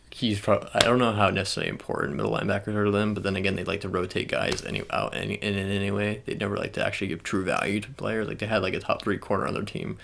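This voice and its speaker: A young man talks low and soft for an ASMR video, his voice gravelly with fry as he rambles through casual chat, full of fillers and restarts. Faint clicking sounds sit underneath him. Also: fast talker, noisy background. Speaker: ASMR channel host. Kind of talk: soft-spoken ASMR sports talk.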